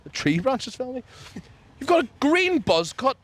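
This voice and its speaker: A man co-hosting a casual chat outdoors, ranting jokily with sudden jumps in pitch. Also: normal speed. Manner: animated, jokey rant with sudden pitch jumps. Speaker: podcast co-host. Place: outdoors, people walking past.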